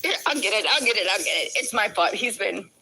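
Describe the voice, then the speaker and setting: A woman's voice: mid-range voice, animated, fast talker, bright, forceful tone, rough recording. A woman hosting a casual livestream, chatty as she recaps a trial and reads and thanks viewer comments. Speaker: livestream host covering a trial. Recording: crowd chatter in background.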